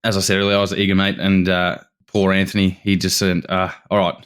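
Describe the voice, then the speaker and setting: An Australian man tells a story on a podcast, his voice very deep and smooth. He speaks in a fairly flat tone and rambles eagerly, restarting his sentences as he goes. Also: quick pace. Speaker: podcast guest. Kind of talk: casual storytelling.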